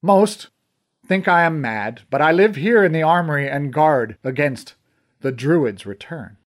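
A man's voice: a little high, animated, measured pace. A man voicing a stern male master archer who guards an armory and speaks in formal, old-fashioned courtly language. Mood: grave. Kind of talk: audiobook character reading.

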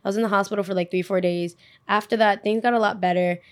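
Young woman, podcast host, mid-pitch, chatty and expressive, curses freely. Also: quick pace. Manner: animated, expressive, with frequent swearing. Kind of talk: casual storytelling.

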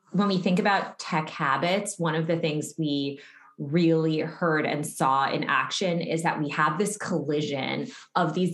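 A woman researcher being interviewed, explaining earnestly and fluently in long, building sentences. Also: lowish voice. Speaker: researcher guest. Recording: roomy echo.

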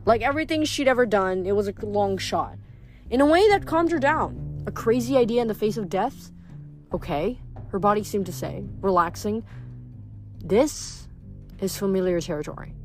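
A woman's voice: a little high, moderate pace, soft background music. Woman reading a novel aloud expressively. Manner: expressive reading with brief commentary. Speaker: reader.

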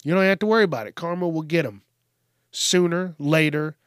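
Male podcast host, higher-pitched, dry close sound; profane, animated rambling monologue. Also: brisk, smooth, no room sound. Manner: profane, animated, acts out quoted rude customers.

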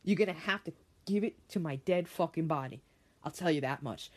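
She speaks in a low voice at a fairly quick clip. On her one-woman podcast she reads from an article and tears into it, swearing hotly and restating her points to stress them.

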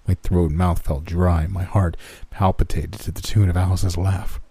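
A man reading a first-person horror story in a steady, measured scripted narration. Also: sits low, creaky, slightly rough, no echo.

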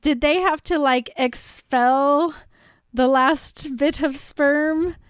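A woman with a high voice co-hosts a casual podcast, unhurried, dropping wry jokes into the conversation. The recording is dry and close. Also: dry recording. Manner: wry, joking asides. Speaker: podcast co-host. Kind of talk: casual chat.

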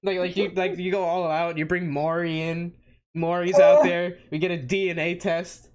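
A man's voice: high-pitched, sing-song, normal speed, darkish tone. A man co-hosting a podcast in casual chat, laid-back and jokey, calling his partner "pal". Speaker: podcast co-host.

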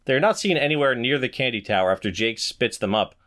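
A man co-hosts a podcast in easygoing, playful chat. His pitch moves about a lot, and he often restarts his sentences. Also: lively intonation, fast talker, a bit bright. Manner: chatty, playful, with self-correcting restarts. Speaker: podcast co-host. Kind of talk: casual chat.

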